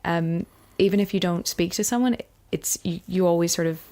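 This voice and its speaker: Woman, lowish voice, chatting loosely on a podcast about a mystery case. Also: brisk, mellow. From Ireland. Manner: chatty, rambling, many fillers and restarts. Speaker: podcast co-host. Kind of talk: casual chat, retelling a true mystery case.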